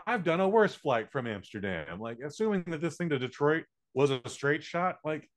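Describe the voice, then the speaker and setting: A man's voice: a little high, very animated, normal speed. Ranting man on a podcast. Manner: blunt, profane ranting. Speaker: podcast co-host. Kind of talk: casual chat.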